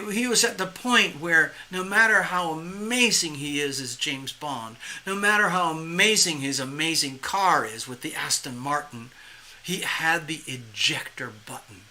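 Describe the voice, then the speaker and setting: Tarot reader, live reading, rambling and animated, acts out voices, laughs at own jokes, very bright sharp tone, middling pitch. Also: a little hiss or hum.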